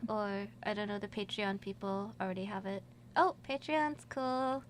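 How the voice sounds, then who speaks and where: A woman's voice: mid-range voice, steady tone, moderate pace, a little hiss or hum. A woman guest in a college radio studio, chatting casually in a rambling way and laughing often. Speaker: musician guest. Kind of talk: casual radio interview chat.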